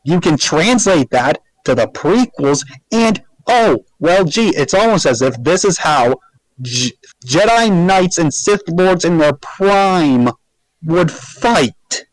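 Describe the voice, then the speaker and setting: A man's voice: on the high side, animated, takes it slowly, dry recording, low-quality recording. A man on a casual podcast, making his point emphatically and sarcastically, swearing freely.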